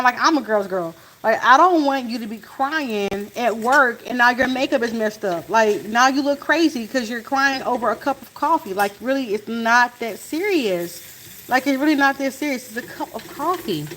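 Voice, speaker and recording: A woman with a somewhat high voice tells a story in a casual family vlog. She talks in an animated way and acts out each exchange as she retells it. Food sizzles faintly in a pan in her kitchen. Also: a little hiss or hum, rough recording. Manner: animated, acts out what was said. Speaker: family vlogger. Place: home kitchen while cooking. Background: faint sizzle of frying food.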